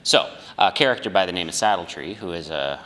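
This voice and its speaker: A man with a very deep yet bright voice talks about books in a dry, joking manner, pausing with fillers. The room adds a long, ringing reverb. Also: animated. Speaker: podcast co-host, literature teacher. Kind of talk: casual academic discussion.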